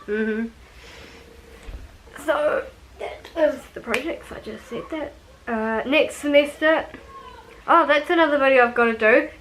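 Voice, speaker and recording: A young woman in casual vlog chat, easygoing and rambling, with plenty of fillers and small laughs. Her voice sits a touch higher than most women's. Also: unhurried, pauses often, fairly bright tone, a little hiss or hum, low-quality recording. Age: young adult. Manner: chatty, rambling, with frequent ums and laughs. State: out of breath. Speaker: vlogger.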